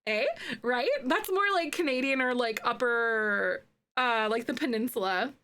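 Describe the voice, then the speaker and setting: A woman's voice: a little high, measured pace, sharp tone, clean tone. A woman from Wisconsin with a Midwestern accent, chatting casually with her viewers on a live stream and laughing often. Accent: Midwestern American (Wisconsin). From northern Wisconsin, US. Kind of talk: casual live-stream chat while building.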